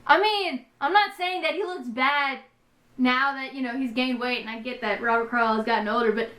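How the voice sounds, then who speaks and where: A young woman in her twenties chatting in a rambling, excitable, self-deprecating way as she reviews a TV episode on a vlog. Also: high voice, brisk, echoey room. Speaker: vlogger. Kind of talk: casual TV episode review chat.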